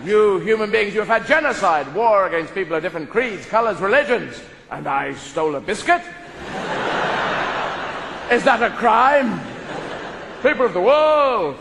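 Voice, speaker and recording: A man's voice: high voice, animated, moderate pace, vocal fry, pauses often. A man voicing an indignant male dog who lectures humanity in a grand, preachy, accusing way, recorded live in an echoey hall with audience noise.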